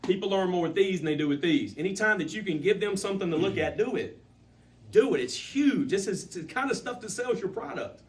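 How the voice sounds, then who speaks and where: A man running a sales training for a live group, coaching with animated, repetitive emphasis. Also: high voice, brisk, distant mic.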